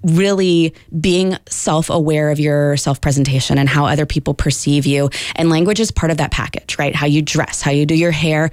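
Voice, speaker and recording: A woman linguistics professor giving measured, explanatory answers in a radio interview, with frequent ums. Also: low-pitched, fairly even intonation, a little mellow, no room sound.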